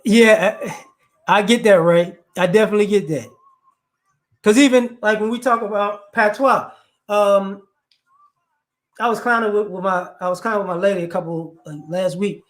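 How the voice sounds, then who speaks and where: Sitting high and steady at normal speed, this man's voice leaves long pauses as he gives his opinions. He comes from New Orleans and has a faint accent blended with Chicago and DC area speech, with a loose, conversational style full of restarts and "you know."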